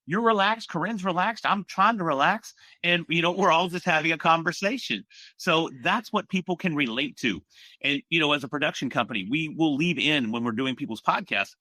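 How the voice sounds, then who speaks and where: Bright, relaxed male podcast guest. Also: on the high side, dry recording. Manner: relaxed storyteller, animated asides. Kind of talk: casual conversational interview.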